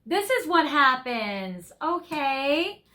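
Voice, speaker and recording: A woman's voice: high-pitched, sing-song, slow pace, bright, forceful tone. A young woman giving a tarot reading to viewers, gushing and effusive, laughing often as she talks through the cards. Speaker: tarot reader.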